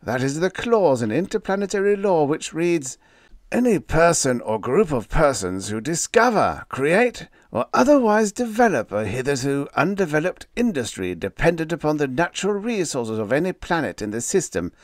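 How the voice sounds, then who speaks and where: A man's voice: fairly high pitch, very animated, normal speed, no room sound, studio quality. A man voicing a pompous company vice president who speaks in a formal, precise, lecturing way.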